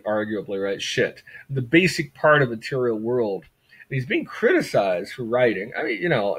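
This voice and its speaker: A man gives a conversational classroom lecture on a graphic novel, often repeating words for emphasis and posing rhetorical questions. His voice is medium-pitched with a breathy edge, and the audio is poor.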